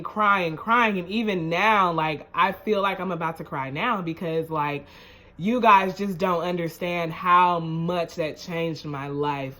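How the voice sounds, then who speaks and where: A woman's voice: fairly low pitch, sharp tone. Woman vlogger, chatty and repetitive, earnest and emotional, moves into pep-talk encouragement. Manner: chatty, repetitive, often asks "you know what I'm saying?". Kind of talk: casual storytelling to camera.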